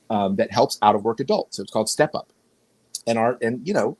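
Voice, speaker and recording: In a casual podcast chat, a male guest tells meandering stories, frequently going back to restart what he's saying. He has a medium-pitched voice with a breathy edge. The audio quality is poor.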